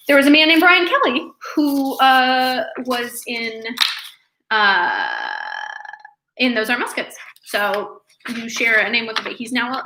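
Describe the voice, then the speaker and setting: A woman's voice: fairly high pitch, sharp tone, echoey room, slight background noise, rough recording. A stuffy, congested woman in her twenties, chatting casually on a live stream from her apartment and rambling with lots of fillers and restarts. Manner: chatty, rambling, many fillers and self-corrections. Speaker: artist live-streaming from home.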